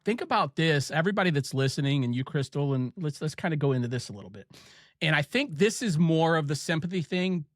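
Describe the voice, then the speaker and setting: A man's voice: on the high side, expressive, no echo. Male podcast host, Ohio accent, easygoing storyteller, dry close sound. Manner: chatty, storytelling, quick asides and laughs. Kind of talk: casual podcast chat.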